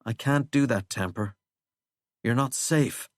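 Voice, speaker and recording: A man's voice: medium pitch, takes it slowly, no room sound, studio quality, close to an everyday voice. A man voicing an earnest, hesitant teenage boy.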